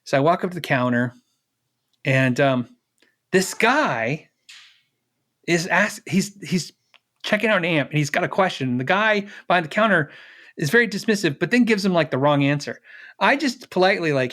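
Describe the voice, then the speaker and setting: Man, middle-aged, interview guest, casual storytelling, acts out dialogue, laughs a lot, fairly high pitch. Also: expressive, normal speed, long pauses, a bit bright.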